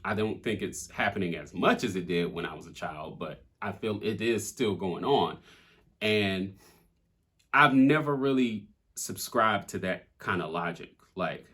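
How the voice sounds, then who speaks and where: A man's voice: sits low, moderate pace, a bit bright, slightly rough. A young adult man, a rapper, talking candidly and casually about his own song, with plenty of swearing and fillers. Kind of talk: casual reflective talk.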